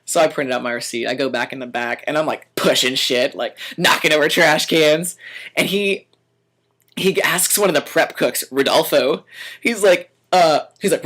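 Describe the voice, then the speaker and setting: A man's voice: fairly high pitch, normal speed, a bit bright. A young man vlogging, telling a story in a dramatic, profane way and acting out quoted lines. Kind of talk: animated storytelling.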